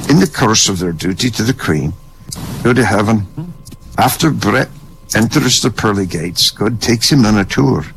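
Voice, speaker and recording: Gravelly older man telling dry jokes. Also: medium pitch, a bit bright, a little hiss or hum, rough recording. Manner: wry, dry joke delivery. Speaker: comedian. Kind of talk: stand-up joke telling. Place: online voice chat room.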